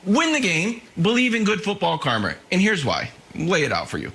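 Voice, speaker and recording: Brief: male sports debate host, high and animated, teasing, mocking delivery. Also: moderate pace. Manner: animated, mocking impressions of fans.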